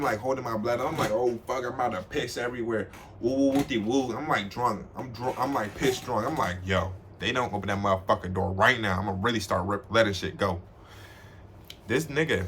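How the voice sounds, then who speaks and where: A young man from Washington, D.C., telling funny stories to the camera in a casual, slangy way, laughing often and mimicking people in high voices. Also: bright, forceful tone, husky. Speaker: vlogger.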